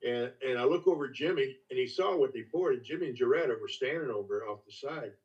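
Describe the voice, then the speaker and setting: An older man with a drawl spins a folksy yarn, stopping and restarting as he goes. His pitch sits in the middle of a man's range. The audio sounds far from the mic and dull, like a lo-fi call. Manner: folksy, halting, with many restarts. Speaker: master distiller guest. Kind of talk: casual storytelling.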